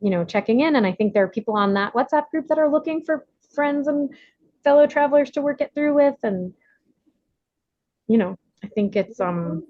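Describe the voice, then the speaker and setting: A woman leads a recovery workshop. She talks loosely and warmly encourages people, filling her speech with "you know" and "um". Her voice comes through muffled and dry, with no room sound. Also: high-pitched, animated, normal speed, no echo. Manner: chatty, laughing, many fillers. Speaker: workshop leader. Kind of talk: casual advice on a video call. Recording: dull, dry lo-fi audio.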